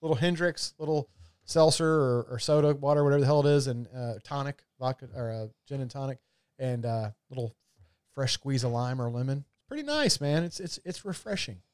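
A man's voice: medium pitch, a little fast, a little mellow, clear, resonant tone, no room sound, clean studio sound. A man chatting casually about whiskey and gin, rambling and swearing freely. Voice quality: loose, profane, rambling delivery. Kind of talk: casual chat.

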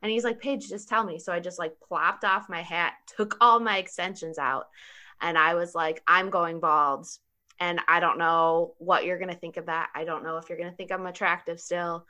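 A woman telling a personal story in casual conversation, animated, laughing often and saying 'like' a lot. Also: fairly low pitch.

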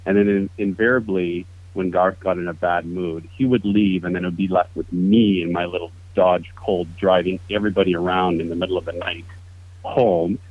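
A man in his fifties telling a profane, animated story to old friends over a call. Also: low voice, moderate pace, dry recording. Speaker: podcast guest. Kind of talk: casual storytelling. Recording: tinny phone-like call audio.

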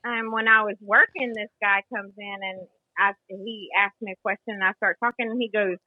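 A woman with a Southern US accent, co-hosting a podcast and telling lively anecdotes in casual chat. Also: medium pitch, normal speed, no echo, phone-quality sound. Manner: animated anecdote teller. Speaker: podcast co-host. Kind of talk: casual storytelling.

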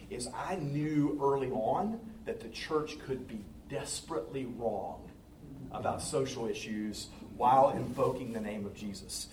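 A man's voice: medium pitch, darkish tone, reverberant, recorded from a distance, a little hiss or hum, rough recording. A man in his fifties from the Southern United States, a pastor speaking to a congregation in a folksy, engaging way. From Southern US, North Carolina. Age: 50s. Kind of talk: talk to a congregation. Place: church sanctuary.

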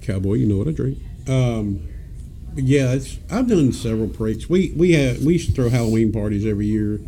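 A man's voice: mid-range voice, expressive, moderate pace, warm tone, slight background noise. Rowdy laughing man storyteller. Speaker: podcast co-host. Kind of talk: casual storytelling chat.

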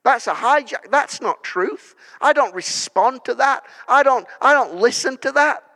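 Casting: high, bright-voiced preacher, slow storytelling rising to declarations, church hall reverb. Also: male voice, expressive. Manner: storytelling that builds to loud declarations. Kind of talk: sermon.

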